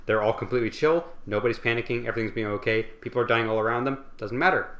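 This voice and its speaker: A man's voice: medium pitch, racing, a bit bright, echoey room. Tipsy man swearing through a book recap. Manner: rambling, swearing, lots of fillers. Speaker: host. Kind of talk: casual comedic book summary.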